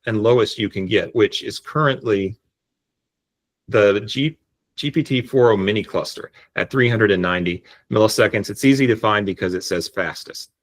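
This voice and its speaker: A man explaining step by step how to set up an AI voice agent, speaking on a video call in a relaxed, explanatory way. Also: lowish voice, normal speed. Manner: relaxed, explanatory, frequent restarts. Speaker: tutorial presenter. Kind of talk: screen-share software tutorial.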